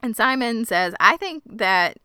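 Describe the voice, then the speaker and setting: A woman's voice: on the high side, lively intonation, unhurried, bright, forceful tone, smooth, dry recording, studio quality. A woman in casual chat, retelling a TV episode with outraged, swearing asides. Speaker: podcast co-host recapping a TV episode.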